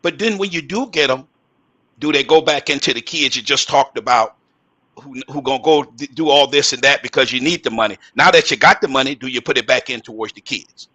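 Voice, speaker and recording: A man speaking as a guest on a video call panel, emphatic, slowing down to stress key words. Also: medium pitch, pushed and bright. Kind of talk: casual panel conversation.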